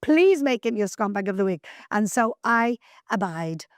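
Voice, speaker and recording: A woman hosting a news commentary show, speaking emphatically and scolding, slowing down to stress her words. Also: medium pitch, big pitch swings, no echo, studio quality. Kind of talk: opinion commentary.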